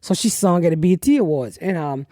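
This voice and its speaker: A woman's voice: on the low side, expressive, quick pace, no echo, clean studio sound. Blunt, foul-mouthed woman comedian host. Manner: profane, blunt storytelling with loud acted quotes. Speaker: podcast host. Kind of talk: casual comedic chat.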